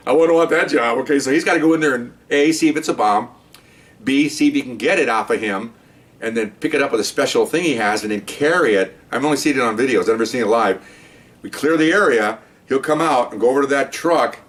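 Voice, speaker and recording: An older man, a retired police officer, telling a rambling story in casual talk, acting out the shouted commands. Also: medium pitch, far from the mic.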